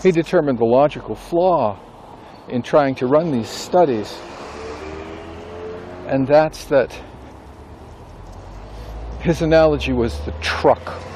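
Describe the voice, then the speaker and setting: A man who writes books and teaches a class, talking casually and thinking aloud with pauses and self-corrections. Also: mid-range voice, darkish tone, slight background noise. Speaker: author and instructor. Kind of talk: casual rambling monologue.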